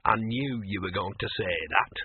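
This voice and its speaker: A cynical, scruffy male talking dog, as a male narrator puts him on sneers and grumbles in a grudging, streetwise way. The husky voice comes through a tinny, dry, phone-like recording of a storybook reading. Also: on the low side, normal speed, no echo, voice pushed down.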